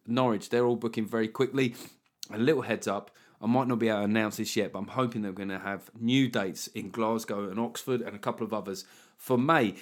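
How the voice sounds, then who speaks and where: A man from the UK hosting a comedy podcast, chatting with sweary, teasing banter. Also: mid-range voice. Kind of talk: casual podcast chat.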